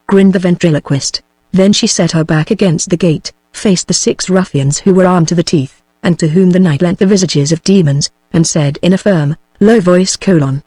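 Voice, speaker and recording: A text-to-speech woman with a British English accent narrating a novel in an even machine reading, saying punctuation marks aloud. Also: fairly low pitch, normal speed, dry recording. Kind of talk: synthetic audiobook narration.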